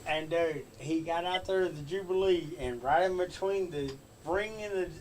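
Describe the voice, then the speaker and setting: A man's voice: fairly high pitch, moderate pace, a little mellow, recorded from a distance, slight background noise. A man casually telling a backstage prank story as a guest on a talk show, laughing as he tells it. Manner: amused, laughing while telling.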